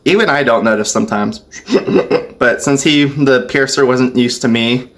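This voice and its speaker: A man vlogging a casual storytime, chatty and loose, laughing softly between phrases. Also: medium pitch, moderate pace. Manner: loose, filler-heavy talk.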